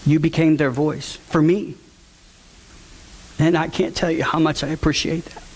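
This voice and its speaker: A man's voice: on the high side, little pitch movement, moderate pace. A father giving an earnest, emotional testimony to a church audience, repeating key words for emphasis.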